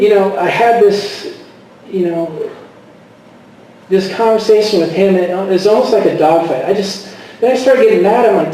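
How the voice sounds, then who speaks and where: A middle-aged man giving a personal testimony, speaking haltingly with many fillers and restarts and often quoting himself. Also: high-pitched, warm tone, slight background noise. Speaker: guest speaker. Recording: echoey hall from far off.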